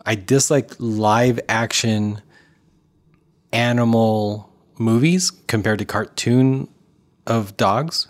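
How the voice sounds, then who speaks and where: A man's voice: mid-range voice, slow pace. A man co-hosting a casual chat show, giving blunt, opinionated takes in a plain talking voice.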